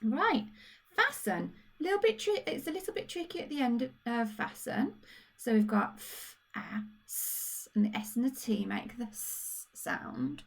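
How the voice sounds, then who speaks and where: Gravelly Brummie woman teaching phonics. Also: a little high. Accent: Birmingham (Brummie). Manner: patient, encouraging, spells out sounds slowly. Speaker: primary school teacher. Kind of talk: recorded phonics lesson for young children.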